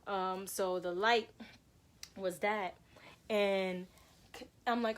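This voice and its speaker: A woman's voice: medium pitch, steady tone, normal speed, long pauses. A young woman casually telling a personal story to her viewers, rambling with many restarts and fillers. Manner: rambling, lots of "like" and restarts, addresses viewers as y'all.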